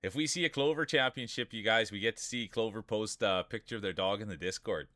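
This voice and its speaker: A man's voice: lowish voice, a little fast, pushed and bright, no room sound, studio quality. A man commentating live marble races on his stream, chatty and rambling, greeting viewers by name and breaking into laughter at wild moments. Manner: hype-building, calls out viewers by name.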